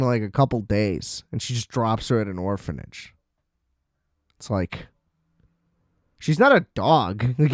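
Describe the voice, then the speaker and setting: A man ranting on his podcast in a sarcastic, exasperated tone, breaking into laughter. His pitch swings widely, yet he talks slowly and deliberately. His voice is smooth and recorded dry and close. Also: a little mellow, dry recording. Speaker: podcast host. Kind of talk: casual rant review.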